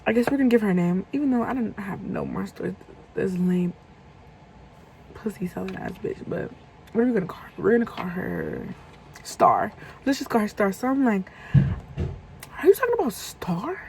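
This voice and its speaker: A young woman telling a casual storytime vlog, animated and profane, acting out heated quotes. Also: mid-range voice, fairly quick, creaky, slight background noise, low-quality recording. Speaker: vlogger.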